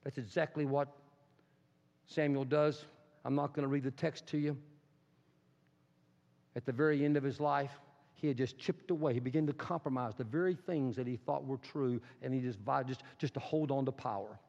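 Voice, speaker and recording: A man's voice: mid-range voice, steady tone, moderate pace, gravelly, darkish tone. A man preaching an impassioned, emphatic sermon as pastor in a church. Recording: echoey hall, dull sound.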